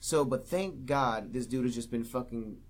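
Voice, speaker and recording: A man's voice: medium pitch, normal speed. A man co-hosting a casual movie review podcast, swearing a lot and laughing often as he recaps scenes. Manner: profane, animated, laughs often. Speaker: podcast co-host.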